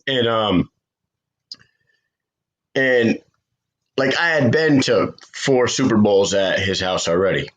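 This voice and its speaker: A man hosting a podcast, chatting casually and telling a profane, animated story. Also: lowish voice, slow, long pauses, poor audio. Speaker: podcast host.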